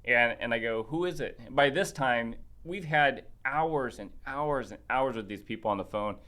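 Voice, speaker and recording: A man of ordinary pitch, a podcast guest, tells a story in relaxed conversation. He is animated and plays out each quoted exchange himself. He stumbles through frequent restarts and fillers as he goes. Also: moderate pace. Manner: animated, acts out quoted dialogue. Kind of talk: casual storytelling chat.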